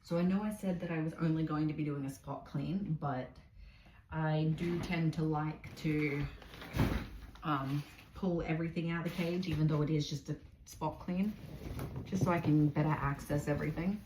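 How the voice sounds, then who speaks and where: An Australian pet vlogger with an Australian accent and a deep, steady voice chats casually at a moderate pace while cleaning a large pet cage indoors, rambling and slipping into sing-song baby talk with her pets. She's filmed on a phone camera resting on a cage shelf, and the room sounds echoey with faint noise.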